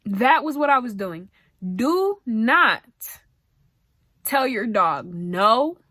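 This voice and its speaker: A young woman vlogger with a fairly high voice speaks very slowly, recorded in clean studio sound with no echo. She gives casual, chatty dog-training advice, and she's emphatic, animated, slangy, and direct.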